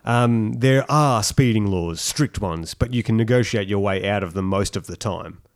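A man's voice: lowish voice, normal speed. A man co-hosting a casual chat, reading out a thread and mocking it sarcastically. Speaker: podcast co-host.

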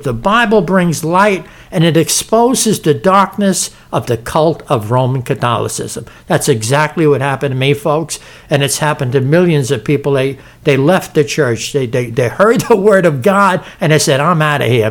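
A man's voice: fairly high pitch, animated, moderate pace, hardly any pauses. A man preaching fervently to his listeners, often tripping over and repeating words as he presses his point. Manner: fervent, stumbling restarts, direct address to "folks". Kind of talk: emphatic preaching with read-aloud passages.

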